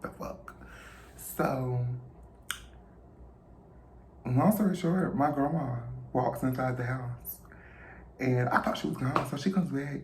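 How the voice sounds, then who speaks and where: A young adult vlogger telling a story in an animated, profane, gossipy way. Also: mid-range voice, slow, long pauses. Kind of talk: casual storytime vlog. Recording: roomy room, faint noise.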